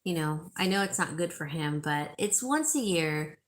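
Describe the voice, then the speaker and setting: A woman's voice: low voice, lively intonation, moderate pace. A woman hosting a live sale stream, chatting casually and reading viewer comments, rambling with fillers and restarts. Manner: gushing, repeats herself for emphasis.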